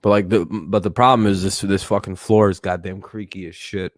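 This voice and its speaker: Low-voiced young man chatting casually. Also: steady tone, a little fast, no room sound, studio quality. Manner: rambling, profane, laughs often, talks to chat. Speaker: streamer. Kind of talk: casual live-stream chat.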